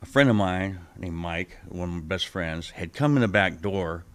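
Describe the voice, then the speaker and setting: A middle-aged man sharing his personal testimony as a podcast guest, animated and acting out the people he quotes, swinging between loud bursts and hushed asides. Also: deep voice, moderate pace. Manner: animated storyteller who acts out the people he quotes.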